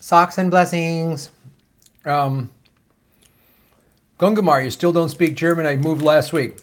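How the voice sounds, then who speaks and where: Speaking slowly with long pauses, an American man hosting a political live-stream reads out viewer comments and questions. His voice is on the high side with a steady tone, and his manner is loose, jokey and profane, full of fillers and trailing asides.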